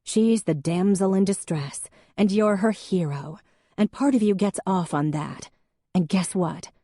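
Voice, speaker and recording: Narrator putting on a defensive young woman, emotional, pitched up. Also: moderate pace, no echo, clean studio sound, close to an everyday voice. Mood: upset. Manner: sharp, raised, emotional.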